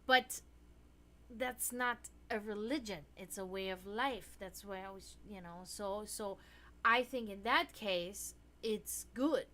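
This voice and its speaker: A woman's voice: slow pace, sharp tone. A woman hosting a casual livestream, rambling with many restarts and fillers, sounding tired. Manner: high baby talk to her cats. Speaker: livestream host.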